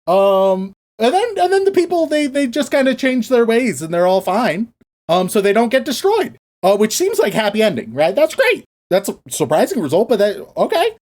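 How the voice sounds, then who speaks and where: A man on a casual comedy podcast tells a story with a swinging, animated pitch. His delivery is loose and profane, and he drops into the characters for quick asides. The talk rolls along like a joke among friends. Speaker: podcast co-host.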